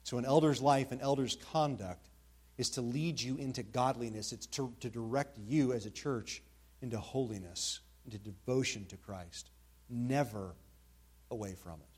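A pastor preaching an expository sermon, repeating key words and asking rhetorical questions. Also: male voice, medium pitch, moderate pace, darkish tone, slightly rough.

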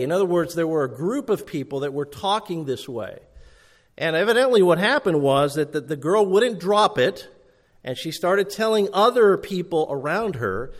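A man preaching an expository sermon in an earnest, emphatic way, rising and falling for stress. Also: fairly high pitch.

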